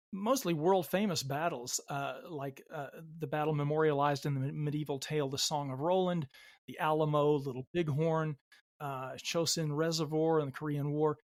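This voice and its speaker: A measured, agreeable man hosting an interview, his voice sitting a bit higher than most men's. He sets up topics calmly for his guest. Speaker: interviewer, host.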